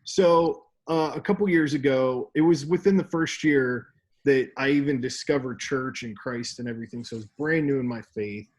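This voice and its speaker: A man's voice: mid-range voice, normal speed. A young man co-hosting a casual podcast, telling a story with laughs and acted-out quotes. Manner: animated, laughing, acts out quoted voices. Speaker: podcast co-host.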